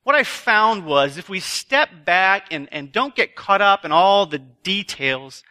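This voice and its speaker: Guy giving a sermon at a retreat, chatty, pokes fun at himself, really bright tense tone. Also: high-pitched, animated, a little slow. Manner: self-deprecating, chatty storyteller. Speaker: retreat speaker. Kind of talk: sermon with a humorous personal story. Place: live talk before an audience.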